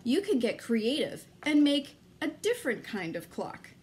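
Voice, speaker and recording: A woman's voice: sits high, very animated, a little slow, a little mellow. A woman leading a children's activity lesson as an early childhood educator, coaxing young kids in a sing-song voice and inviting them to join in.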